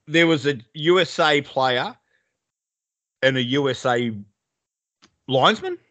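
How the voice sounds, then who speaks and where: A man's voice: a little high, lively intonation, slow, fairly bright tone, no room sound. A man co-hosting a casual sports podcast over a video call, telling blunt, sweary stories. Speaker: podcast co-host.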